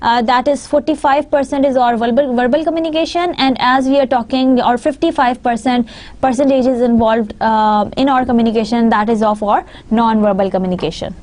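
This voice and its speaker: A woman's voice: a little high, steady tone, brisk, a little mellow. A woman with a Pakistani English accent giving a recorded university lecture, explaining patiently and often recapping her points.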